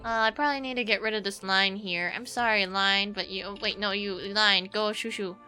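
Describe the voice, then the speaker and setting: A woman's voice: medium pitch, steady tone, fairly quick, bright, forceful tone. A young woman streamer chatting casually while she draws, rambling with self-mocking asides, over faint background music. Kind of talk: casual livestream chat while drawing.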